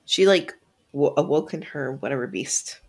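A woman co-hosting a casual book podcast, chatty and teasing, quick to give her opinion. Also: rumbling low, darkish tone, slightly rough. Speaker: podcast co-host.

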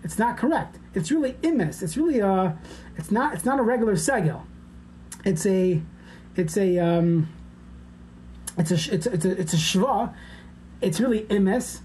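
Mellow-voiced woman teaching a class. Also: medium pitch, a little hiss or hum. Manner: explanatory, conversational teaching. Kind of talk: informal lecture.

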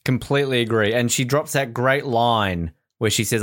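A man co-hosting a podcast in casual chat, expressive and playful, swooping his voice up for jokes. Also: mid-range voice, moderate pace. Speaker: podcast co-host.

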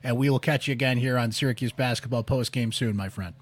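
A man hosts a casual postgame sports show in an upbeat, chatty way, talking straight to his listeners. His voice sits at an average pitch. The sound is dry and close. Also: fast talker, no room sound. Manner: upbeat, reads listener texts, addresses audience directly. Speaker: sports podcast host.

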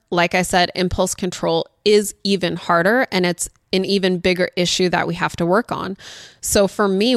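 A woman's voice: medium pitch, no echo, studio quality. A woman hosting a podcast as a parenting educator, talking candidly and laughing often. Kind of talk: casual podcast talk.

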